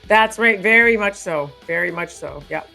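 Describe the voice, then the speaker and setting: A woman's voice: fairly low pitch, normal speed, gravelly, bright, forceful tone, faint music behind. A woman hosting a casual editing tutorial, thinking aloud as she works and laughing often. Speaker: host.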